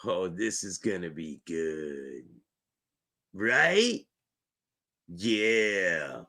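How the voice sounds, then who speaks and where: A male host with a gravelly voice heckles the clip he is playing, drawing out his words slowly. His delivery swings widely in pitch as he mocks and needles. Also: big pitch swings, bright, forceful tone. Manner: mocking, heckling. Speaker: show host. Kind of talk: reacting to a played clip.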